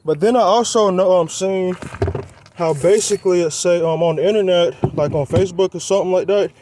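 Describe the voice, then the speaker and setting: Young guy rambling to his viewers outside, high voice, winded, faint outdoor noise. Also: brisk, mellow. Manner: loose, rambling, talks to viewers as y'all. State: out of breath. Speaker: car vlogger. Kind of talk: casual vlog chat. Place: outdoors on a quiet roadside.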